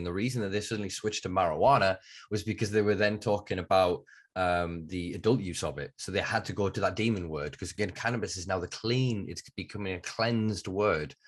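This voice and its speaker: A man's voice: low voice, husky. A man with a Northern English accent hosting a podcast, talking with passion and emphasis and swearing freely. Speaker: podcast host. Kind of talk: casual podcast conversation.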